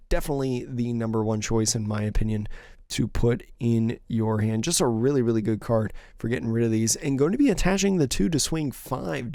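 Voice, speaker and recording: A young man streams solo play-by-play commentary on a card game match, casually thinking aloud through each player's options. His mid-range, mellow voice is a little worn, as he's slightly losing it, and the recording is dry and studio quality.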